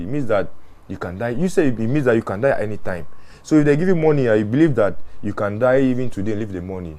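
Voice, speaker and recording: A man with a fairly low voice, recounting his mortuary work in an interview. He talks earnestly and with animation, circling back over words and restarting sentences as he goes. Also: dark tone. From Ghana. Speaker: mortuary worker. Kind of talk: interview storytelling.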